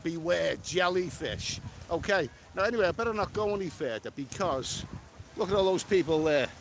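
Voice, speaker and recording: A man's voice: high voice, fairly bright tone, slight background noise. A man with a cold walking along an island beach, reading out and answering viewer comments in a chatty live-stream vlog. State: has a cold, sniffly. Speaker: travel vlogger. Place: outdoors on a tropical island beach and town.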